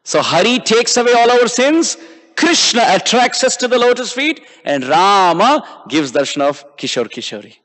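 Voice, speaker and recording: A man's voice: high voice, sing-song, moderate pace, a bit bright. A man giving a devotional sermon as a visiting preacher in a temple hall, chanting verses and drawing out syllables.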